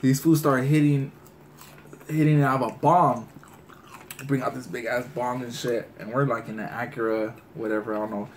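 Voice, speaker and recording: A man's voice: mid-range voice, fairly even intonation, moderate pace, a little hiss or hum. A man telling a rambling, profane story in street slang, acting out his friends' voices. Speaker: storyteller in a mukbang video. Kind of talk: casual storytelling.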